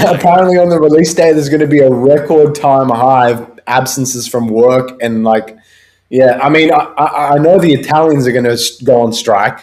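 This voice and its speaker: A young man with an Australian accent co-hosting a casual livestream chat, loose and profane, often trailing off quietly. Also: mid-range voice, fairly even intonation, normal speed. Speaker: podcast co-host.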